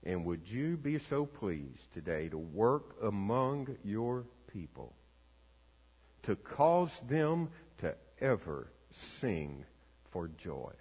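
A man, a pastor, reading scripture aloud and leading prayer in a slow, measured, solemn way. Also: lowish voice, big pitch swings. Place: church sanctuary. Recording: long reverb, dull lo-fi sound.

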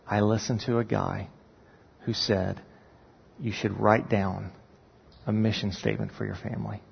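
Gravelly preacher in a reverberant hall. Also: male voice, on the low side. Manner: animated storytelling, voice rising when retelling his prayer. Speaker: pastor. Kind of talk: sermon storytelling. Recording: dull sound with long reverb in a large hall.

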